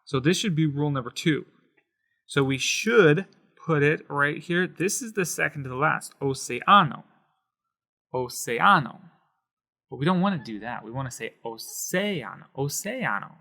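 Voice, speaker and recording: A man teaching a Spanish lesson, patiently explaining and slowing down to sound out words syllable by syllable. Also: on the high side, animated, creaky, pushed and bright. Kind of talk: explaining at a whiteboard.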